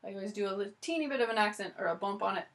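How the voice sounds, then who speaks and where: A woman's voice: medium pitch, very fast, over loud music. A woman teaching violin in a video lesson, chatty and encouraging, with many "so" and "okay" starts. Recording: loud violin playing between phrases.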